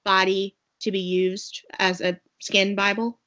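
A woman's voice: mid-range voice, level tone, a little slow, a bit bright. A woman co-hosting a podcast, recapping a movie in casual chat, rambling with many fillers and asides. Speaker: podcast co-host. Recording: dull lo-fi sound.

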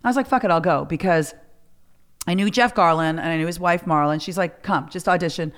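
A woman's voice: lowish voice, expressive, a little fast. Frank, swearing woman host. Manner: frank, swears freely, acts out quotes. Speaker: podcast host. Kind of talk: casual chat.

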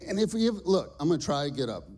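High-voiced energetic preaching man. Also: quick pace. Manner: energetic, repeats "okay?" and "all right". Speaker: pastor. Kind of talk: lively sermon. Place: church stage before a congregation.

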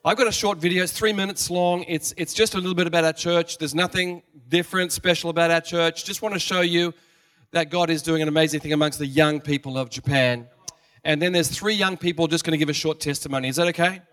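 A man's voice: on the high side, steady tone, fast, fairly bright tone, no room sound. A man preaching as a visiting pastor in a church, talking in a friendly, conversational way, repeating words and asking the congregation questions. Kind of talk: sermon. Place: church hall. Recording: dry sound from a distant mic.

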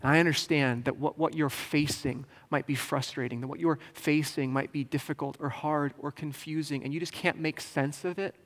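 Joking pastor in a reverberant church. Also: male voice, on the high side, fairly even intonation, moderate pace, few pauses, a bit bright. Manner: casual, joking, conversational preaching. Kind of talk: sermon. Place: church sanctuary. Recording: long hall reverb.

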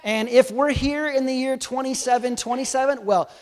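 A man preaching a sermon to a live congregation, animated and swinging from soft to loud, teasing and quizzing his listeners. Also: extremely high pitch, normal speed. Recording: long hall reverb.

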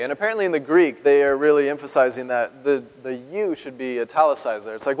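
A man's voice: fairly high pitch, brisk, clean tone, in a large hall. A man preaching a sermon as pastor, talking conversationally and asking his congregation questions. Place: church sanctuary.

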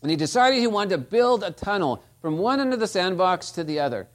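A man's voice: high-pitched, sing-song, fairly quick. A man preaching a sermon, telling stories and asking the listeners rhetorical tag questions. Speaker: pastor.

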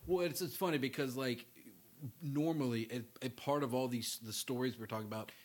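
A man's voice: mid-range voice, fairly quick. A young man co-hosting a podcast, rambling and swearing casually between laughs. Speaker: podcast co-host. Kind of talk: casual chat.

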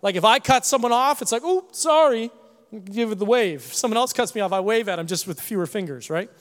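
Man, pastor preaching, very high voice, animated, hushed to shouting, jokey asides, long hall reverb. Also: fast talker. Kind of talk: sermon.

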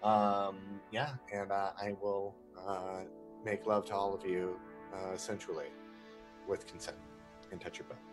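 A man's voice: low voice, little pitch movement, unhurried, over music. A man introducing his character in a rambling, crude, joking way. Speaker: player. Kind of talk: casual chat.

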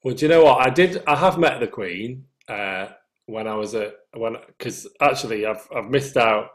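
Speaking at a normal speed in a mid-range voice, a Northern English singer trades anecdotes as an interview guest. The chat is casual, and he chuckles at his own tales.

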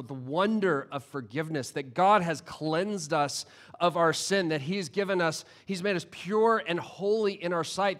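Man, pastor, sermon, slightly high voice, chatty, humorous, frequent restarts. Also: a bit bright.

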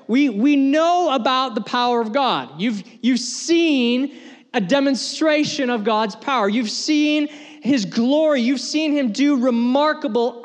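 A man preaching a sermon as pastor, earnest and conversational, repeating phrases as he builds his points. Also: extremely high pitch. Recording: long hall reverb.

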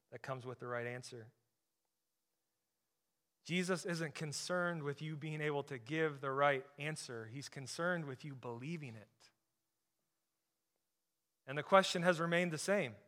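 Bright-voiced male pastor preaching. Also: a little high. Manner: emphatic preaching, drops to soft intensity on key points. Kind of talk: sermon.

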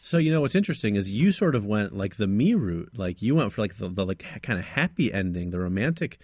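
A man from the United States co-hosting a casual podcast, bantering in an animated way. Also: fairly low pitch, quick pace, no echo, studio quality. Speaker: podcast co-host.

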